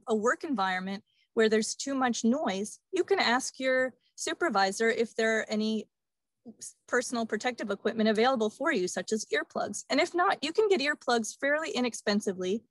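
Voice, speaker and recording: A woman audiologist giving a steady, informative webinar presentation. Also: fairly high pitch, moderate pace, dry recording.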